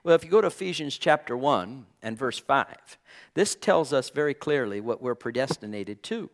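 An earnest man teaching a Bible study in a steady, mid-pitched voice. He leans on key words and stretches them out for emphasis. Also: moderate pace. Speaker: preacher.

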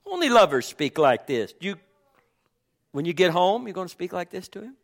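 This is a passionate sermon from a male pastor whose high-pitched voice is very animated and moves at a normal speed. He alternates booming calls with soft whispers, repeating lines as amens ring out.

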